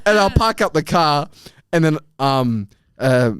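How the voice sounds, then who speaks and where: Animated young man telling a story. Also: on the high side, unhurried, a crowd in the background. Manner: animated, swears freely, acts out quoted lines. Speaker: podcast guest. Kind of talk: casual storytelling chat.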